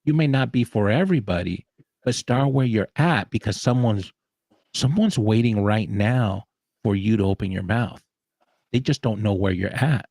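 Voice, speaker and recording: A man who grew up in the American South, speaking in a relaxed, encouraging panel chat with frequent pauses. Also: fairly low pitch, no room sound. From Southern United States. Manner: encouraging, reflective, many pauses. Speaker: guest speaker.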